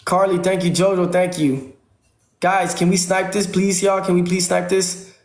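A man's voice: sits high, level tone, moderate pace, echoey room. A man livestreaming from home, pleading with viewers over and over and thanking them by name. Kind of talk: casual livestream chat. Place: home room.

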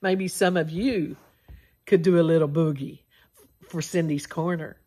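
A woman reading a children's picture book aloud in a playful, animated sing-song, with big exclamations. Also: low voice, measured pace. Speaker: children's storybook reader.

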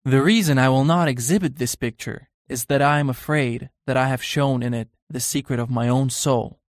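A man's voice: mid-range voice, normal speed, no room sound, clean studio sound, lightly acted. A man voicing an earnest young painter in an audiobook, confiding and uneasy in tone.

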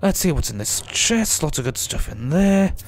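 A man's voice: a little high, big pitch swings, normal speed. Chatty man with a sore throat. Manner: rambling, chatty, mock-grumbling at the game; drifting in and out of put-on accents. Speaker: let's play gamer. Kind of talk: casual gameplay commentary.

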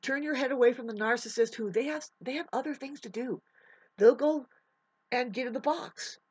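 A woman's voice: sits high, moderate pace, darkish tone, husky, muffled recording. A woman delivering a heated, preachy vlog monologue, swearing often as she lectures her listeners. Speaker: vlogger. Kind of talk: profane ranting monologue.

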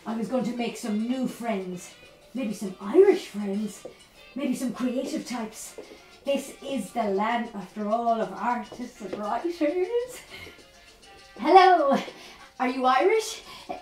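On a theatre stage, an actress from Spain plays a lively Spanish woman who has moved to Ireland, telling her story in a one-woman monologue filled with playful laughter. Her voice is on the high side, slow and Spanish-accented, heard far from the mic with roomy stage sound and faint music.

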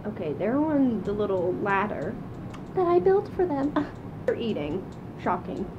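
A woman's voice: medium pitch, sing-song, measured pace, highs cut off, noisy background. A young woman vlogger chatting casually to camera in a self-mocking way. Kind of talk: casual vlog chat.

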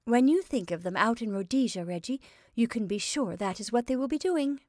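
A woman's voice: fairly high pitch, lively intonation, no echo, clean studio sound, voice pushed up, lightly acted. A woman doing a giggly, flighty young woman. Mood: cheerful. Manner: bright, bubbly, quick to laugh.

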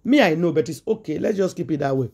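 A man with a Nigerian Pidgin English accent, hosting a gossip channel and retelling a story in excited, repetitive casual commentary. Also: fairly high pitch, quick pace, vocal fry, husky.

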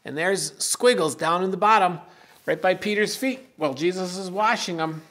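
A middle-aged pastor reading a Bible story and giving a children's message, explaining simply and gently. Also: male voice, high voice, normal speed.

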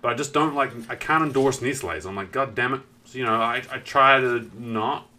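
On a live game stream, a young man from New Zealand's South Island rattles along fairly quickly in a thick southern accent, with a little background noise behind him. He sidetracks from his story to greet viewers and swears casually, his voice bright, lively and average in pitch.

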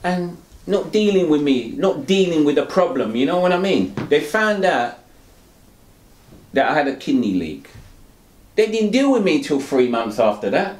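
A fairly high-pitched, very animated man with a darkish tone talks candidly at a moderate pace in an interview about being on dialysis. He rambles, leans on "you know," and laughs ruefully; the audio has a roomy echo and a little hiss or hum.

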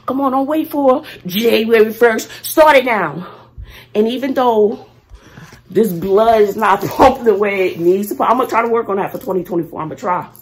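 A middle-aged woman, a teacher talking casually to her viewers. She is playful and swings from loud to hushed while she talks to herself. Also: on the high side, normal speed, slightly rough. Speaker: vlogger, teacher. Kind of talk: casual vlog talk to viewers.

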